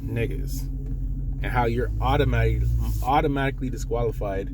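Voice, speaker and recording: A man's voice: medium pitch, moderate pace. A man in a casual, profane rant full of street slang, recorded on a phone in his car. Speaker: vlogger. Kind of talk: casual ranting monologue. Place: in a parked car. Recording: car interior with road noise.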